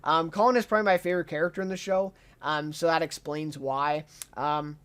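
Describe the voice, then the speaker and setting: High-voiced man, enthusiastic unscripted reviewer. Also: steady tone, brisk, a bit bright, clear, resonant tone. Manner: enthusiastic, many ums and uhs. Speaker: TV show reviewer.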